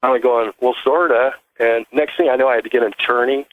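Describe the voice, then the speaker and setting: A man calling in to a show and telling a long story in a halting, rambling way, full of restarts. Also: mid-range voice, steady tone, no echo. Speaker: caller. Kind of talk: casual call-in storytelling. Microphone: phone. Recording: tinny dry phone line.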